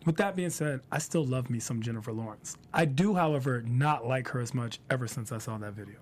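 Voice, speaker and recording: A man's voice: medium pitch, a little fast. A man co-hosting a casual opinion chat, speaking emphatically and repeating points for stress. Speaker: podcast co-host.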